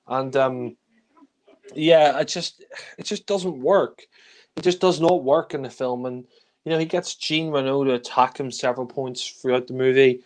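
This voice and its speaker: A man's voice: medium pitch, steady tone, unhurried. A man giving a casual spoken film review, blunt and critical, with frequent sighs and filler words.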